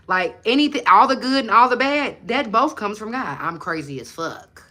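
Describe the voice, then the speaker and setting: A woman with a bright, forceful voice hosts a motivational chat, answering her viewers head-on. She is blunt, profane and preachy. She swings from loud, emphatic declarations to low, muttered asides. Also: animated, normal speed. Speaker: manifestation coach and channel host.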